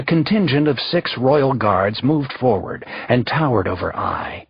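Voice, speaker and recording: Guy narrating an audiobook, gravelly raspy voice, kinda dull lo-fi sound. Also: medium pitch, expressive, a little slow, no room sound. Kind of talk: scripted narration.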